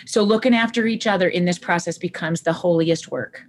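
A woman's voice: on the low side, a little fast. A woman guest on a parenting podcast, speaking passionately and emphatically, often repeating her key points. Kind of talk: conversational podcast talk.

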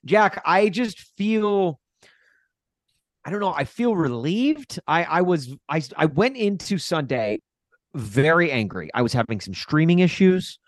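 A man co-hosting a sports podcast, telling stories in a rambling, exasperated, animated way. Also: a little high, measured pace, no echo. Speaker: podcast co-host. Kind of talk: casual sports podcast chat.

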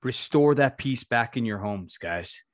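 A man's voice: mid-range voice, lively intonation, a little slow, dry recording, clean studio sound. A man hosting a podcast, talking earnestly to his listeners and urging them on, with a few stumbling restarts. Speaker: podcast host. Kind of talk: reflective podcast talk to listeners.

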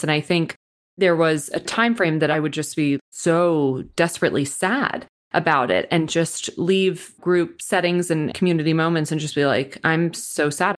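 Tearful, halting woman guest. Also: sits low. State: near tears. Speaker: podcast guest. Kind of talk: emotional personal sharing.

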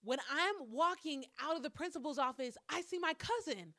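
A woman telling a personal story straight to her viewers in a casual, animated way, swearing freely and breaking into loud exclamations. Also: sits high, brisk, few pauses, no room sound, clean studio sound. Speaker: vlogger.

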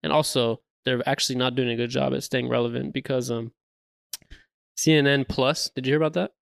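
A man's voice: mid-range voice, steady tone, brisk, gravelly, dry recording, clean studio sound. A man co-hosting a podcast, talking casually, blunt and opinionated, swearing freely. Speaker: podcast co-host. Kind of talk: casual chat.

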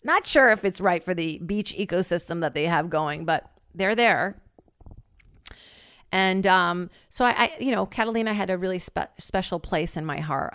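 A woman's voice: medium pitch, a bit bright, smooth, dry recording, clean studio sound. A young woman telling stories in casual chat, rambling with lots of "like" and laughing often.

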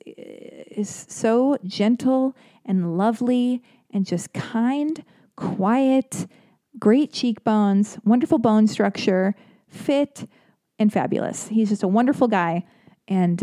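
Woman podcast host chatting loose and jokey, mellow warm voice, dry close sound. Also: medium pitch, no echo. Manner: rambling and self-deprecating, full of fillers and jokey asides. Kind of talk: casual personal monologue.

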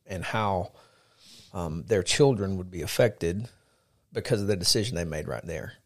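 A man co-hosting a podcast, mixing casual chat with earnest faith teaching, with frequent fillers. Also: lowish voice. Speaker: podcast co-host.

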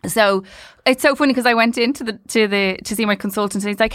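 A woman's voice: mid-range voice, steady tone, fast talker, fairly bright tone, no room sound, clean studio sound. A woman with a Dublin Irish accent co-hosting a podcast, chatting casually, telling stories and swearing freely. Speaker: podcast co-host. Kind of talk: casual chat.

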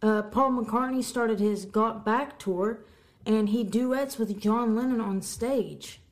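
Casual woman podcast host reading music news. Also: on the high side. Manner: reads headlines, stumbles on words, quick asides.

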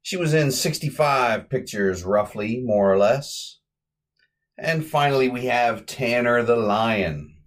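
A man's voice: mid-range voice, slow. A man hosting a podcast, chatting casually through an old comedy short in a rambling way and correcting himself as he goes. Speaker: podcast host. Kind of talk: casual podcast film recap.

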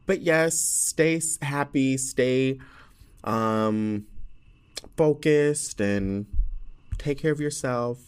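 A man's voice: medium pitch, extremely slow, long pauses, clear, resonant tone. Chatty man hosting a solo podcast. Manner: chatty, rambling with fillers, laughs often. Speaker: podcast host.

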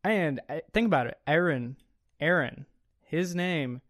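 A man's voice: fairly high pitch, measured pace, fairly bright tone. A young man co-hosting a casual sports podcast, chatty and enthusiastic, with frequent ums and uhs. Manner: chatty, enthusiastic, with many fillers. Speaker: podcast co-host.

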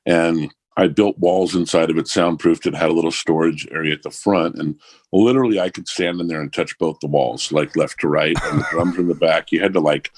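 A man telling a profane, animated story in casual conversation. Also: sits low, no echo. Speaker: musician guest.

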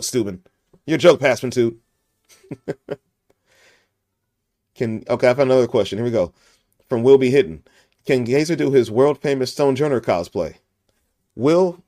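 A man's voice: mid-range voice, a little mellow, dry recording, clean studio sound. A young adult man hosting a casual podcast chat in a goofy, joking way. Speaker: podcast host.

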